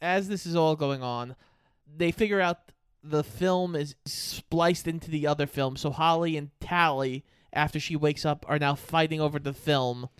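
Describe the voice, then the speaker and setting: A podcast co-host chatting casually about a movie, relaxed and chiming in with brief remarks. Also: mid-range voice, normal speed, clean tone, no room sound, clean studio sound. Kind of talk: casual movie recap chat.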